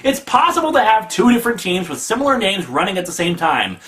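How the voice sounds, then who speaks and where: Brief: sharp, bright-voiced male host, sarcastic comic review. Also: high voice, fast. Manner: snarky, mocking, animated.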